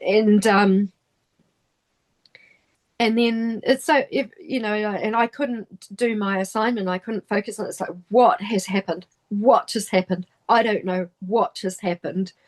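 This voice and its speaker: A middle-aged woman with a New Zealand accent, a podcast guest recounting a personal story in halting speech full of restarts and trailing phrases. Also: medium pitch, fairly even intonation.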